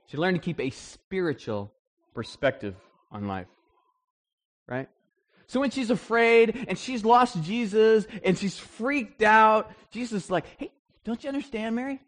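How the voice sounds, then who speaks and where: A man preaching a sermon in an animated way, acting out the voices he quotes. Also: sits high, unhurried. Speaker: pastor.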